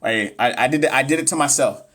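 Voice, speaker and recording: A man's voice: mid-range voice, fast, a bit bright. A man in his thirties tutoring nurses on a livestream, reading exam questions and joking with the chat. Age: 30s. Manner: chatty, joking, reads questions aloud to the chat. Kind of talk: casual livestream teaching.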